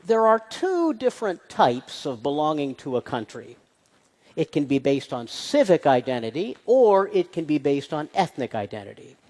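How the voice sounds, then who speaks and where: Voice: medium pitch, big pitch swings, normal speed, darkish tone, long reverb tail. A speaker giving a lecture-style public talk to an audience, posing rhetorical questions and stressing key points. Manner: poses rhetorical questions, emphatic. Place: large hall with an audience.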